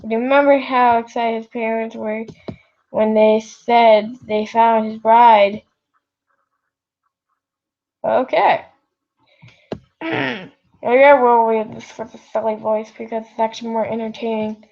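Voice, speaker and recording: Slow, rambling woman reading fan fiction. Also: fairly high pitch, steady tone, creaky. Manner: rambling, self-interrupting, apologetic. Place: home, late at night. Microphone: built-in device mic, no proper microphone. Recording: lo-fi device mic recording.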